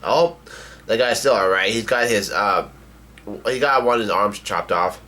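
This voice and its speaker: A man casually reading a manga chapter aloud and reacting, halting with many restarts. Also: lowish voice, sharp tone.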